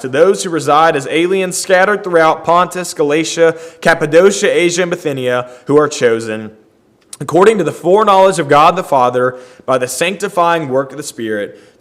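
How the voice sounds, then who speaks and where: A man's voice: a little high, fairly bright tone. A man leading a Bible study, reading scripture aloud and explaining it earnestly.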